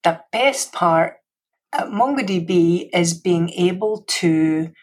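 A Scottish woman speaks as a podcast guest, chatty and self-deprecating, often restarting her sentences. Her voice sits a little low and sounds husky. She comes through a video call from her home library. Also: expressive, slow, darkish tone. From Scotland. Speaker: guest, security executive. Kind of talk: casual podcast conversation.

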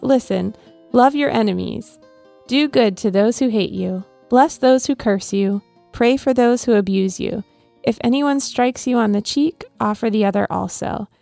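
Female podcast co-host, gravelly tone, dry close sound, steady reader. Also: on the high side, no room sound. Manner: laughs easily, reads steadily. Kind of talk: casual chat and scripture reading.

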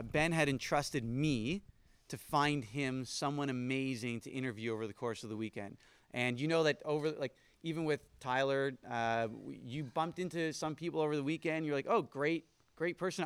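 A man hosting a casual live podcast chat at a camp event, animated and laughing often, tired from no sleep. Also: medium pitch, normal speed, clean tone, no room sound. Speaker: podcast host.

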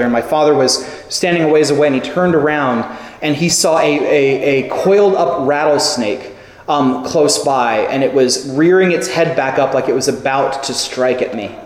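Man preaching in an echoey hall. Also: mid-range voice. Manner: animated storytelling with acted quotes. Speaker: pastor. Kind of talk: sermon. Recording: echoey hall with long reverb.

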